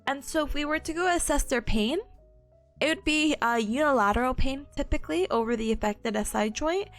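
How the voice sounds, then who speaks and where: A woman's voice: high voice, brisk, soft background music. A woman in her twenties streaming a casual study session, chatting with viewers and reviewing notes, with a slightly sore voice and frequent giggles. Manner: giggly, bubbly, laughs often between lines; chatty, greets viewers, acts out patients. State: sore voice, occasional coughing.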